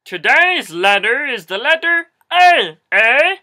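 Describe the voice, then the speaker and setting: A mock Canadian man booms out slow, drawn-out phrases that end on eh, as a man puts him on. The voice sits high and swoops widely. It sounds bright and strained. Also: big pitch swings, heavily acted. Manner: exaggerated drawn-out delivery.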